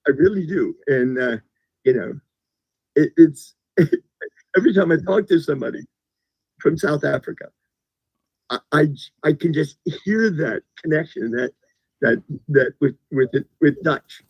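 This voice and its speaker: A man from the United States, a guest in a casual conversation, who talks haltingly and repeats words as he starts his sentences. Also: fairly high pitch, gravelly, slightly rough, no room sound. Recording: dull lo-fi recording.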